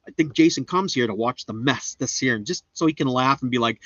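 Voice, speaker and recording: A man's voice: fast, few pauses, fairly bright tone, no room sound. A man chatting casually on a live stream as he shows off garden seeds, rambling, goofy and mocking himself. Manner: rambling, goofy, self-mocking, jumps into high silly voices. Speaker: homestead gardening livestreamer. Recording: dull, slightly lo-fi dry sound.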